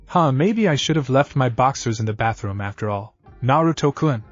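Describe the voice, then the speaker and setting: A man's voice: medium pitch, animated, moderate pace, natural voice. Cheeky teen ninja boy, man reading, casually possessive, dull audio, faint music. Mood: teasing. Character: cheeky teenage boy ninja, confident and teasing.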